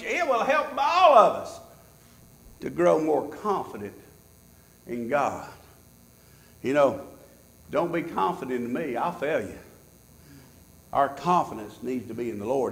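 A man preaching a sermon as pastor, swinging from loud shouts to hushed tones. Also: high voice. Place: church. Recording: echoey church sanctuary.

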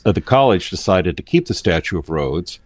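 With a low, very animated voice and a fairly quick delivery, a man co-hosts a casual news discussion and explains at length. He has a standard American accent, comes from the Philadelphia area, and there's no room sound.

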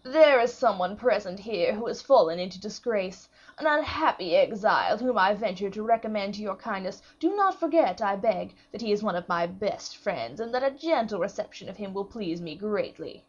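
A woman reading the part of a vain, pompous prince in an audiobook, speaking slowly and coaxingly. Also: mid-range voice, lively intonation, dull audio, natural voice. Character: vain, pompous royal prince, grown man.

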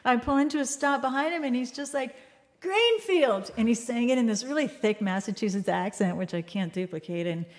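A woman's voice: on the high side, steady tone, fast, hardly any pauses. A woman hosting a music livestream, telling a story in casual chat and acting out the voices with laughs.

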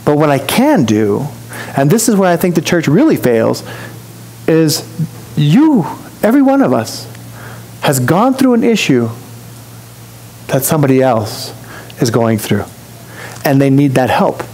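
A man's voice: a little high, big pitch swings, a little slow, pauses often, darkish tone, slight background noise, rough recording. A man preaching a sermon as pastor, in a conversational storytelling way, acting out the voices of people he quotes. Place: church.

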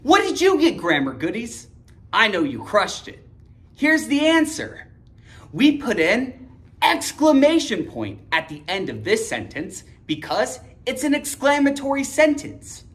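A woman's voice: on the high side, very animated, a little slow, faint music behind. A young woman teaching an online grammar lesson, upbeat and emphatic, cheering on her students.

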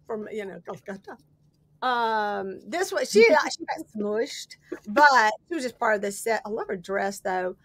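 A woman's voice: a little high, animated, normal speed, pushed and bright, slight background noise. A middle-aged woman hosting a casual live crafting chat, rambling and laughing often as she shows her finds. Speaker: host.

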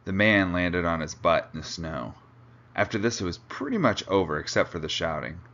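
Low-voiced man reading a novel aloud. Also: very animated, normal speed, a bit bright. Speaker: reader. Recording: dull lo-fi recording.

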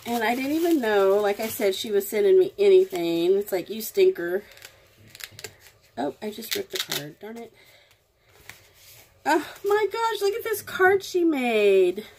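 Woman, slow and drawn-out, affectionate, faint background noise. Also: mid-range voice, expressive, darkish tone. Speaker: crafting vlogger. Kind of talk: casual unboxing chat.

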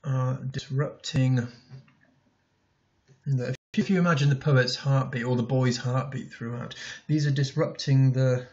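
A man's voice: mid-range voice, fairly even intonation, measured pace, a little mellow, muffled recording. A male teacher talking through a poem in a recorded lesson, thinking aloud as he writes notes, with many ums and restarts.

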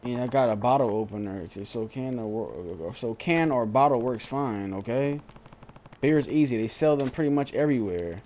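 Young man ranting through a game, animated. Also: medium pitch, moderate pace, muffled recording, a little hiss or hum. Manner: cursing, exasperated, ranting. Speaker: gamer. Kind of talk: frustrated gameplay commentary.

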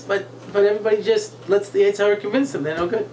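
A middle-aged man, a rabbi being interviewed, telling stories and jokes with lively character voices. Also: racing, a little hiss or hum. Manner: animated joke-telling, acts out characters with jumps in pitch. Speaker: guest speaker, rabbi. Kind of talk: storytelling interview chat.

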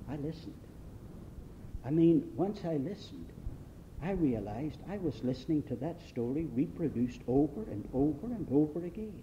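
Man from britain preaching, tells stories, muffled old tape with a bit of hiss and rumble. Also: very animated, normal speed. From Great Britain. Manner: storytelling, recounting testimonies from a mission trip. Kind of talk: sermon.

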